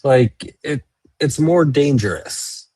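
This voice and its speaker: A man's voice: mid-range voice, expressive, slow pace, mellow, slightly rough, no echo, low-quality recording. A man co-hosting a live tennis watchalong, chatting casually and giving blunt, laid-back opinions. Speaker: watchalong co-host. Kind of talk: casual chat about tennis.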